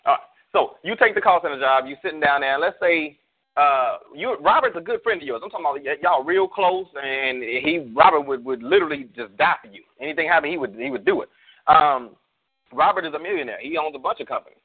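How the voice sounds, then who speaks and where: A man's voice: fairly high pitch, animated, fast talker. Man preaching over a tinny phone line. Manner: preachy storyteller, spins hypotheticals, slangy. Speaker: pastor. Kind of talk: casual church talk show on a call. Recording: tinny phone-like call audio.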